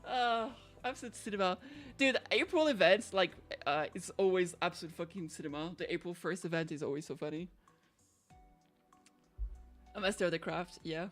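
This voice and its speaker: A young woman streaming a game, chatting excitably, giggling and swearing freely. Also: lowish voice, normal speed, soft background music. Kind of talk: casual gameplay commentary.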